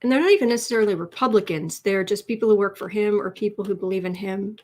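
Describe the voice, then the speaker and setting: A woman's voice: mid-range voice, quick pace, darkish tone. A woman hosting a live tarot stream, chatty and emotional, teary at times, reading out viewer comments. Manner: emotional and chatty, many restarts.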